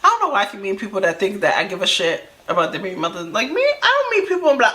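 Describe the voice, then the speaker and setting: A woman's voice: mid-range voice, quick pace, few pauses. A woman telling a personal story to camera in a casual vlog, acting out the quoted dialogue as she goes. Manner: animated, acts out quoted dialogue. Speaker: storytime vlogger. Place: indoors under camera lights.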